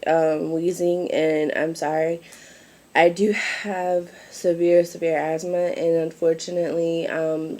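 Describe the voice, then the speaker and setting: A woman's voice: fairly low pitch, a little mellow. A woman, out of breath and wheezing, rambling apologetically in a casual home vlog. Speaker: mother vlogging. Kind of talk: casual chat to camera.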